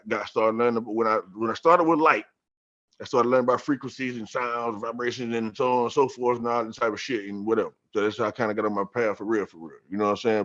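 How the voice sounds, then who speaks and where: A man on a podcast telling a story about scripture in a casual, profane, streetwise way, getting animated and repeating himself. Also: lowish voice. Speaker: podcast guest. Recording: dull lo-fi sound.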